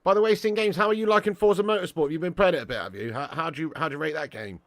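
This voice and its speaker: A man's voice: fairly high pitch, rapid-fire, no room sound. A young man hosting a casual live watch-along, reading chat and bantering with viewers as lad and mate.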